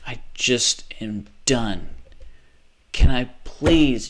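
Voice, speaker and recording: Man, livestream rant, rambling, restless, cuts himself off, mid pitch. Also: unhurried, fairly bright tone, slight background noise. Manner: restless, self-interrupting, frequent restarts and trailing off.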